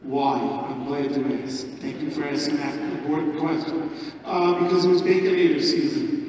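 A man's voice: fairly high pitch, level tone, normal speed, darkish tone, a little hiss or hum. A male comedian from Staten Island, New York, telling a story on a large arena stage and teasing the audience in a mock-serious way. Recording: echoey arena from far off, crowd.

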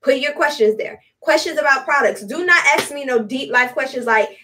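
A woman's voice: sits high, moderate pace, hardly any pauses, bright, forceful tone, slight background noise. A woman hosting a casual live-stream product demo, chatty and repetitive with blunt slang. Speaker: host selling spiritual products. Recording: voice distant from the mic.

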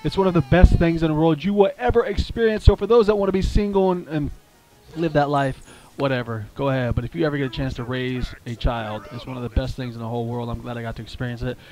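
A man telling a playful story with toys, animated and lively, dropping low for heartfelt asides. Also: fast, poor audio.

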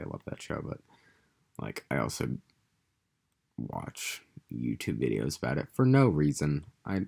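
Very deep gravelly young man rambling. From United States. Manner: crude, meandering, full of filler and restarts. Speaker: vlogger. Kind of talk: rambling casual monologue.

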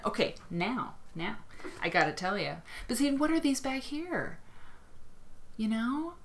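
A woman from Iowa hosting a casual livestream, gushing and rambling excitedly as she shares quilt pictures. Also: on the high side, takes it slowly. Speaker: livestream host.

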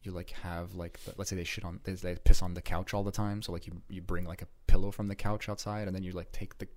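A man's voice: low-pitched, level tone, fast. A man co-hosting a laid-back podcast, rambling in casual chat with lots of fillers and swearing. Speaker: podcast co-host.

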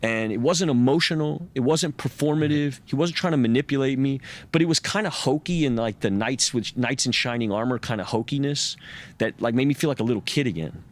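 A man spinning a personal story as a podcast guest, loose and animated, cursing freely and piling up restarts as he goes. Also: mid-range voice, fairly quick. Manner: loose, profane, animated retelling. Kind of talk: casual storytelling.

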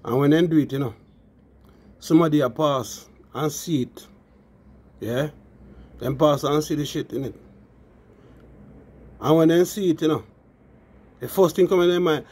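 A man's voice: fairly high pitch, a little slow, pauses often, darkish tone, husky. A man with a Jamaican accent telling a story in casual patois, often adding "you know" and calling his listeners "people".

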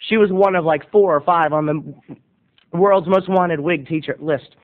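A man in his thirties, an animated, giggly video blogger telling a comic story straight to his viewers. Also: a little high, measured pace. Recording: tinny lo-fi webcam audio.

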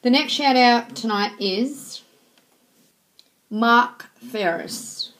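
A woman hosts a vlog of shoutouts, running through the same friendly formula for each one. Her voice is a little higher than average. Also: very slow, low-quality recording. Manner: repeats a set friendly formula. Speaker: host giving shoutouts.

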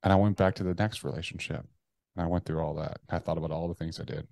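Blunt, profane man with a lowish voice. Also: fairly even intonation, fast talker, vocal fry, a little mellow, dry recording. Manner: blunt, profane, with frequent restarts. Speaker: podcast guest. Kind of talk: candid conversational storytelling.

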